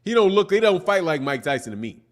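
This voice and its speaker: A man's voice: high voice, very animated, quick pace. Laid-back man hosting a live boxing stream. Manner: laid-back, rambling, peppers talk with "man". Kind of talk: casual live-stream chat, reading viewer comments.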